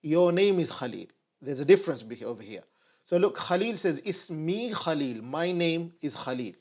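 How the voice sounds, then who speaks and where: A man giving an online Arabic lesson at a whiteboard, patiently repeating phrases slowly for his learners. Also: a little high, expressive, a little mellow. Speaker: Arabic teacher.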